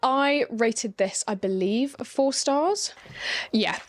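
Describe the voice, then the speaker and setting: A woman's voice: fairly high pitch, takes it slowly. A young woman chatting casually in a reading vlog, ranting in an exasperated way and asking rhetorical questions. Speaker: book vlogger.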